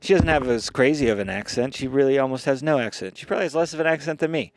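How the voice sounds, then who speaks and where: A man hosting a podcast in casual comedic chat, excitable, profane and rambling. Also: medium pitch, fast talker, no echo, clean studio sound. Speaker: podcast host.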